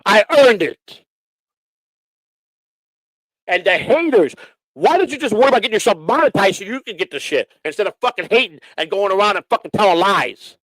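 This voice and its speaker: A man's voice: high-pitched, very animated, fast talker, no room sound, rough recording. A middle-aged man, hosting his own livestream and ranting at critics with heavy profanity. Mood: angry. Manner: profane, combative, shouting at critics. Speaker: livestream host. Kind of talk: angry livestream rant.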